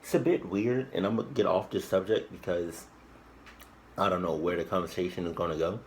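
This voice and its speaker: A man's voice: sits low, steady tone, a little fast, slight background noise, poor audio. A man hosting a reaction video, rambling casually with crude jokes and lots of restarts and fillers.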